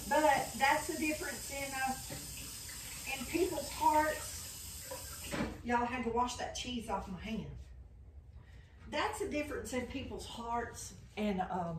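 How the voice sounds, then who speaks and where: A woman's voice: on the high side, takes it slowly, long pauses, a little hiss or hum. An older woman with a Southern country accent, chatting casually in her home kitchen as she cooks, often saying "y'all". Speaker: cooking vlogger. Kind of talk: casual cooking chat to camera.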